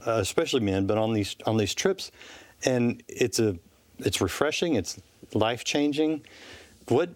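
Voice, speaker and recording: A man's voice: medium pitch, expressive, dry recording. Male TV host, dry close sound. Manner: friendly, halting questions with restarts. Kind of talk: casual studio interview. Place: TV studio set.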